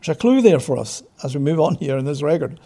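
Here the Bible teacher speaks in a slightly high, expressive, warm voice, working through scripture expositorily. He asks rhetorical questions, supplies the answers, and lingers on key words to drive them home.

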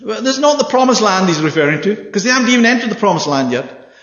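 A man preaching a Bible study sermon, animated and often checking with his listeners through questions. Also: sits high, quick pace. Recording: echoey hall, dull sound.

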